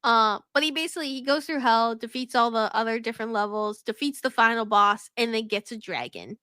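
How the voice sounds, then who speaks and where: A woman's voice: on the high side, lively intonation, fairly quick, sharp tone, clear, resonant tone, dry recording. A young woman co-hosting a casual podcast, laughing often and swearing casually as she recaps the story. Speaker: podcast co-host.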